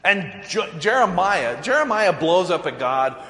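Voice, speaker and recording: Animated, high-voiced pastor in an echoey church. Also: male voice, measured pace. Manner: animated, chuckling storyteller who acts out quotes. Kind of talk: sermon. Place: church sanctuary.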